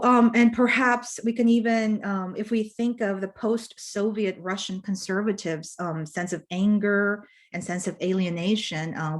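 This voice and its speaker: A woman presenting her research as a panelist in an academic talk, measured and thoughtful, with frequent fillers and restarts. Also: mid-range voice.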